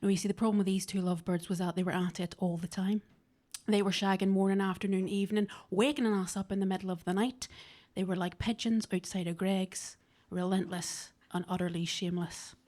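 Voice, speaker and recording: Woman comic, dry and deadpan, club stage mic. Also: medium pitch, fairly quick. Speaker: stand-up comedian. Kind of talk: stand-up comedy. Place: comedy club basement stage.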